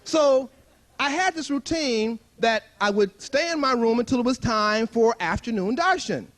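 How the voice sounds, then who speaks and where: A man with a high, very lively voice tells a humorous story to a retreat audience. He acts out the voices he quotes and laughs along with his own jokes, speaking with a bright, dramatic storyteller's energy. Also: moderate pace. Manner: animated, acts out quoted voices, chuckles often.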